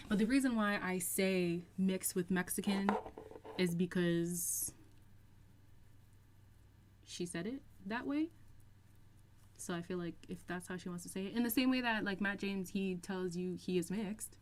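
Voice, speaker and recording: A young woman hosting a casual livestream, chatting and reading out viewer comments, laughing often and stretching out some phrases slowly. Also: medium pitch. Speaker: livestream host reacting to reality TV.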